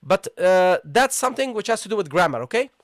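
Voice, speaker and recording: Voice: medium pitch, very animated, brisk, no echo, clean studio sound. A patient language teacher giving a live online lesson, repeating key points and checking in with the class. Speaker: Arabic teacher.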